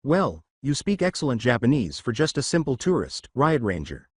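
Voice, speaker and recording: A man reading as a smug villain who smiles while he threatens, speaking softly and mockingly. The voice swings up and down, and the recording is close and dry. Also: medium pitch, sing-song, normal speed, breathy edge, no room sound. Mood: menacing. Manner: smiling, mocking, soft-spoken threats. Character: smug menacing male villain posing as a waiter.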